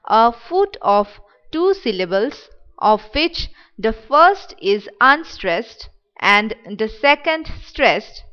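A woman reads a lesson aloud very slowly and deliberately, stopping to spell out terms letter by letter. Her voice is smooth, clear and on the high side. The recording sounds dull and lo-fi. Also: very animated. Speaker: teacher. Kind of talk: slow read-aloud lesson.

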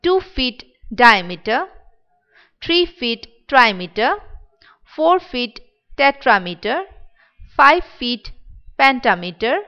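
A woman reads a lesson aloud very slowly and deliberately, stopping to spell out terms letter by letter. Her voice is smooth, clear and on the high side. The recording sounds dull and lo-fi. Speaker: teacher. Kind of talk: slow read-aloud lesson.

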